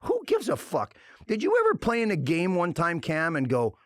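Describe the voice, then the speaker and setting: Brief: middle-aged man, former tough guy, blunt and profane, slightly high voice, dry close mic. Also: moderate pace, few pauses, no room sound. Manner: blunt, profane, animated storytelling. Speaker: podcast guest, former hockey enforcer. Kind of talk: casual chat.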